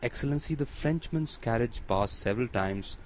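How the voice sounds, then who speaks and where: A man's voice: mid-range voice, expressive, moderate pace, a little hiss or hum, close to an everyday voice, poor audio. A man reading a deferential bandit messenger.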